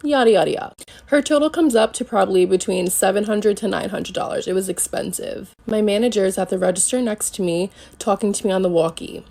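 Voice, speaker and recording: A woman's voice: medium pitch, brisk, vocal fry, warm tone. A woman who works retail, telling a casual storytime in a sassy, conversational way. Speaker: retail worker.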